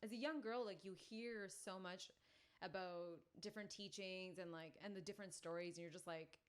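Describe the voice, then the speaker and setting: A woman podcast guest telling a personal story, animated and full of "like" fillers. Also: on the low side, moderate pace, clear, resonant tone. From family from India.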